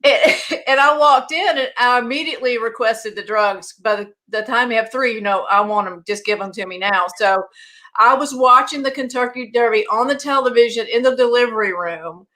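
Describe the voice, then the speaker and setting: A woman guest on a casual chat show, telling family stories in an animated way and laughing often. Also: on the high side, moderate pace.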